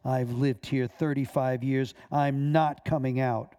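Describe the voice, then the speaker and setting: A man reading aloud and voicing an insolent male demon spirit in a slow, low, menacing tone. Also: steady tone, mellow, lightly acted.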